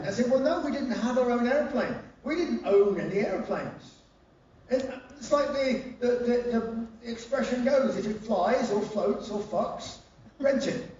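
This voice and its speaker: High-voiced man telling stories in an echoing hall. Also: slight background noise. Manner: swearing, animated anecdote-telling. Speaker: rock singer giving a spoken-word show. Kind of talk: live comic storytelling. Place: live concert venue. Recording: roomy live hall, distant and dull.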